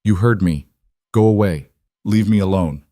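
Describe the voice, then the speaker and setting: A defiant young woman who has been rejected, as a man reads her in a storybook audiobook. Her replies come firm and clipped, in a low voice with a dry, close sound. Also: normal speed, mellow, dry recording, lightly acted.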